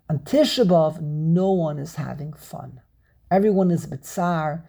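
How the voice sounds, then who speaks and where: Male Torah teacher on a video call, dark and raspy tone, drills pronunciations. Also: a little high, slow pace. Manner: repeats words, drills pronunciations aloud. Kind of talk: online Torah class.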